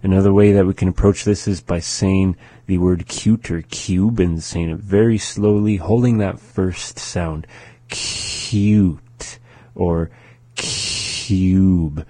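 A man teaching a language lesson, saying each word twice, once at speed and once slowly, patiently and methodically. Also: deep voice, fairly even intonation, warm tone, no echo. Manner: slow, patient, repeats words twice.

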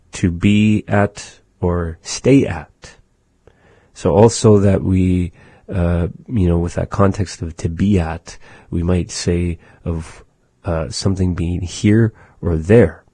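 Man, language teacher, deep dark husky voice, slow and measured, dry close sound. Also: no room sound. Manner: slow and measured, with many filler "uh"s. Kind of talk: language lesson.

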